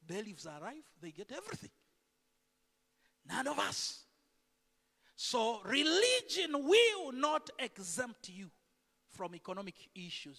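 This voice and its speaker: A man preaching a sermon in a church, animated and full of rhetorical questions to the congregation. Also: extremely high pitch. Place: church sanctuary. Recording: echoey church hall.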